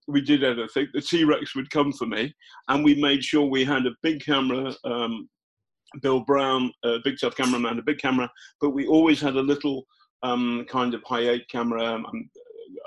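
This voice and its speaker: An older man, a guest journalist, telling stories in a casual interview, halting often with fillers and restarts. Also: medium pitch, low-quality recording.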